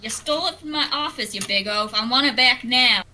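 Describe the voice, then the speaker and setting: A man voicing a shrill, angry mare shop owner who shrieks accusations. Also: brisk, bright, forceful tone, slight background noise, exaggerated voice. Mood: furious.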